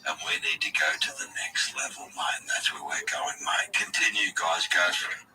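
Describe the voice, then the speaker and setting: A man hosting a voice chat, erratic and foul-mouthed, swinging into loud rants. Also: low voice, moderate pace, distant mic, faint music behind, poor audio. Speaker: stream host. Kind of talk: casual voice chat.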